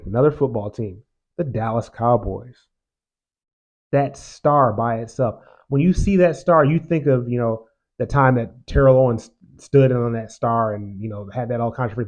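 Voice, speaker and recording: A man's voice: mid-range voice, a little mellow. A man hosting a show, giving casual, opinionated commentary in an emphatic way and repeating phrases for effect. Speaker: show host.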